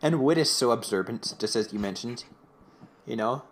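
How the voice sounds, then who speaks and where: A man's voice: medium pitch, animated, moderate pace. A young man co-hosting a casual fan podcast, rambling through a retelling with many fillers. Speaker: podcast co-host.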